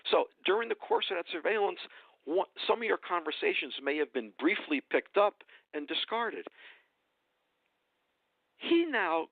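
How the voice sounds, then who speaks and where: A man's voice: high-pitched, big pitch swings, a little slow, vocal fry, pauses often, dry recording. A man giving a heated, indignant political rant as a radio guest, hammering points with repetition. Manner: indignant, emphatic, repeats phrases for effect. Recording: dry tinny phone line.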